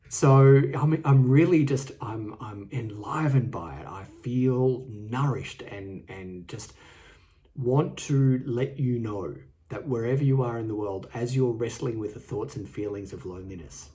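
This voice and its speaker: Man, Australian accent, low mellow voice, earnest, halting, solo podcast host. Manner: earnest, halting, repeats words. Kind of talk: reflective solo podcast talk. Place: indoors, seated. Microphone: studio microphone and camera.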